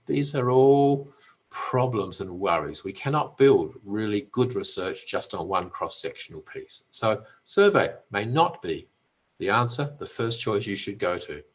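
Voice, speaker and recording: An older man with an Australian accent giving an academic webinar lecture in a measured, emphatic way, with touches of dry humour. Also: fairly low pitch, sing-song, husky. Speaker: professor giving a webinar talk. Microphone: webinar recording.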